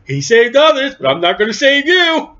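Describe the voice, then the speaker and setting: A preacher voicing Jesus as a stern judge. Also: male voice, extremely high pitch, big pitch swings, moderate pace, pushed and bright, pitched above the performer's own voice, exaggerated voice. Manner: stern, pronouncing judgment. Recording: dull lo-fi recording, set off from the mic.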